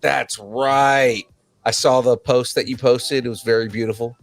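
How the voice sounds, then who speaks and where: A man hosting a casual pop culture podcast, relaxed and jokey, with fillers and restarts. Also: mid-range voice, unhurried. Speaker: podcast host. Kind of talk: casual chat and show hosting.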